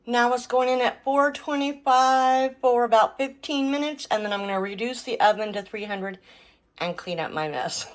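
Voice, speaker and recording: A woman's voice: a little high, normal speed, rough recording. Chatty woman talking through a recipe. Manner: chatty, talks through each step as she works. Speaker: home cooking and garden vlogger. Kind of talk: casual cooking vlog.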